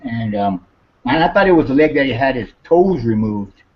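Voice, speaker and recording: A man's voice: mid-range voice, lively intonation, moderate pace. A man, chatting casually, rambling and swearing, repeating himself as he talks. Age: 50s. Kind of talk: casual chat. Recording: dull lo-fi recording.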